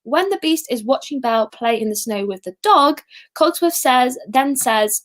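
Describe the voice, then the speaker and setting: Chatty high-voiced woman hosting a quiz. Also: animated, moderate pace. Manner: chatty and giggly, sings snippets. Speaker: quiz host. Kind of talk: casual live-stream quiz.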